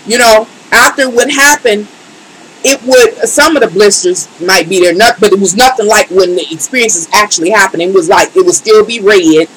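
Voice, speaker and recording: A woman's voice: mid-range voice, fairly bright tone, slight background noise, poor audio. A woman tarot reader in a casual live stream, speaking emphatically and colloquially and talking straight to her chat.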